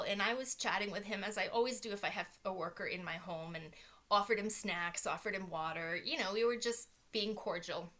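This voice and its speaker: A middle-aged woman hosting a casual inspirational talk, telling a personal story earnestly, with fillers. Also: mid-range voice. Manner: earnest storytelling with fillers, animated when acting out quotes. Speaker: host.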